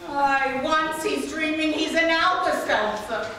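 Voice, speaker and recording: Stage sketch: actress as a droll old neighbor lady, high and slow, broken grammar, heard far off in a reverberant room. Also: heavy background noise. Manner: meandering deadpan storytelling, broken grammar. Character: chatty older woman neighbor, rambling and droll. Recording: echoey stage recording from far off.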